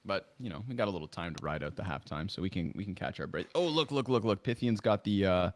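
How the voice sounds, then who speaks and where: A male esports commentator with a very lively, swooping delivery. He calls the action playfully and cracks jokes. He bursts into loud exclamations when a big play lands. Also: deep voice, fast talker, a little hiss or hum.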